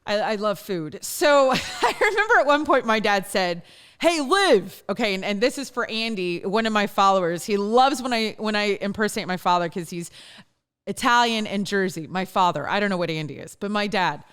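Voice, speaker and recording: A woman's voice: mid-range voice, lively intonation, fairly quick, a bit bright, clean tone. A woman from northern Louisiana with a Louisiana accent hosts her own show in a studio. She talks in a chatty, self-deprecating way and laughs often. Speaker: podcast host. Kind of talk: casual monologue.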